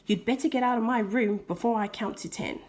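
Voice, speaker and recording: A fed-up teenage big sister from a storybook, as a woman reading aloud puts her on. She snaps back quickly in a high voice, short on patience. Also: natural voice. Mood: snappish. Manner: snappish, quick.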